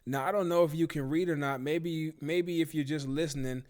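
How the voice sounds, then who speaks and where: A man's voice: on the high side, fairly even intonation, a little fast, a little mellow. A man hosting a live-stream talk show, ranting casually with profanity and disbelief. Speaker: livestream talk show host.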